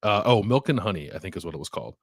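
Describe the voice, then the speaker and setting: Low-voiced rambling man, casual podcast. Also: animated, very fast, breathy edge, no room sound, clean studio sound. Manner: rambling, heavy use of "like" and "uh", trails off softly. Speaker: podcast co-host. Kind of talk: casual chat.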